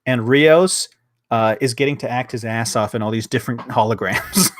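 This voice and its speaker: A man's voice: mid-range voice, normal speed, a little hiss or hum. A man hosting a casual podcast review of a TV episode, rambling along with lots of fillers, restarts and swearing.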